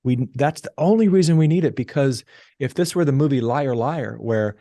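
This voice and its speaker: A middle-aged man telling a story as a podcast guest, animated and acting out the people he quotes. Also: mid-range voice, normal speed, no echo, studio quality. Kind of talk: casual storytelling interview.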